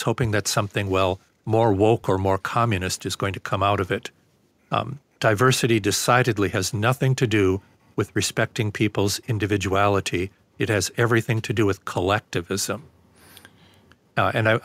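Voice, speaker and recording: A man being interviewed as a guest professor, explaining in a measured, lecturing way with frequent fillers. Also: on the low side, a bit bright, dry recording. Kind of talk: conversational interview.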